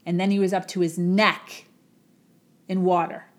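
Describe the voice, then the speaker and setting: A woman's voice: on the low side, level tone, unhurried. A woman telling a motivational parable in a dramatic, repetitive storytelling manner. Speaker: motivational speaker. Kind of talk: storytelling talk.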